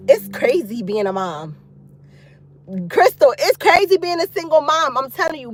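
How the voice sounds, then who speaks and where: A woman vlogger chatting casually with her viewers from outside a youth football practice. She is expressive and loose, with frequent laughter. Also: sits high, no echo. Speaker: single mom vlogger talking to viewers. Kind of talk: casual chat.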